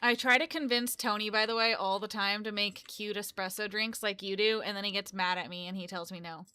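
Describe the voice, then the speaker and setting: A woman's voice: medium pitch, fairly even intonation, a little fast, sharp tone, clear, resonant tone, no room sound. A woman in her twenties chatting casually on a live stream, rambling and correcting herself as she goes. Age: 20s. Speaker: live streamer and game developer.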